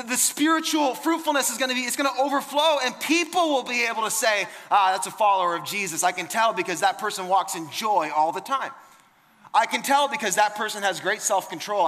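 A man's voice: high-pitched, bright, forceful tone, long reverb tail. A man preaching a sermon in an emphatic, conversational way, often repeating words and restarting phrases. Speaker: pastor.

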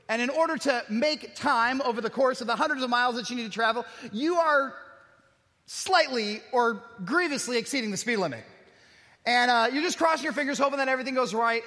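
A man's voice: extremely high pitch, sharp tone. A man preaching a sermon, telling personal stories with self-deprecating humor and rhetorical questions. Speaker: pastor. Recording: echoey hall with long reverb.

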